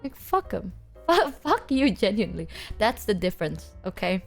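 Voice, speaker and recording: A woman streamer chatting casually with her chat, telling stories in an animated, foul-mouthed way full of fillers. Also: medium pitch, moderate pace, gravelly, faint music behind. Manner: animated, swears freely, filler-heavy.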